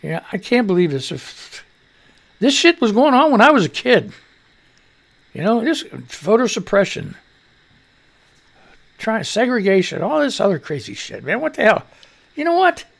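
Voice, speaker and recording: A man's voice: sits high, sing-song, unhurried, vocal fry, pauses often. An older man hosting a live-stream news commentary show, ranting bluntly and with profanity, talking back to the clips he plays. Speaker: show host.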